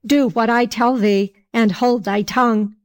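A hot-tempered drunken peasant from an old folk tale, read aloud by a woman. The voice sits fairly high, and the lines come at a slow, even storybook pace. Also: natural voice. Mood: angry.

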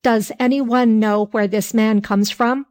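Sly, whining innkeepers from an old folk tale, as a woman reads them aloud. The voice is fairly high and unhurried. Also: steady tone, a little mellow, lightly acted.

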